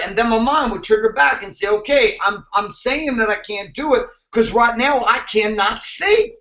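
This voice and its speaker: A man's voice: very high-pitched, moderate pace, few pauses, pushed and bright, reverberant, muffled recording. A man hosting a motivational show, talking intensely and emphatically, with some swearing. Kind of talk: motivational talk to camera.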